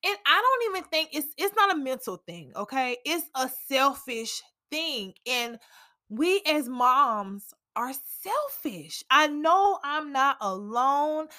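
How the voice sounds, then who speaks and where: A woman's voice: sits high, sing-song, slow pace, pushed and bright. A young woman, hosting a casual faith podcast and talking candidly, with dramatic asides to herself. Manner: candid, preachy, with dramatic self-talk asides. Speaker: podcast host.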